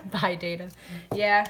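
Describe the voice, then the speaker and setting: A woman's voice: mid-range voice, background noise. A woman hosting a casual live stream at home, chatting to viewers, greeting them and answering comments while washing glasses by hand.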